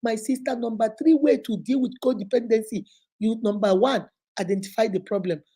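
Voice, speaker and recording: A woman's voice: on the high side, a little fast, dark tone, husky. A woman hosting a faith-based motivational advice talk, preaching emphatically and calling her listeners sister and baby. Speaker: relationship advice host.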